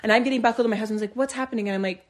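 Woman, 30s, co-host, slightly high pitch; lively storyteller who acts out quotes and laughs often. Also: racing. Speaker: podcast co-host. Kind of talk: casual chat, animated storytelling.

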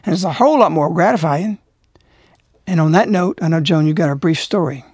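A man's voice: fairly high pitch, fairly quick, a little mellow, husky, no room sound, clean studio sound. A middle-aged man hosting a religious radio talk show, speaking emphatically and repeating himself as he preaches.

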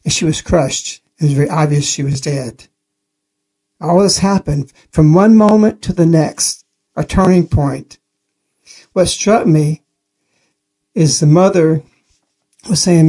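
A man's voice: a little high, slow, long pauses, warm tone, breathy edge. A man giving an earnest spoken testimony on a religious radio program, telling the story plainly and repeating key phrases.

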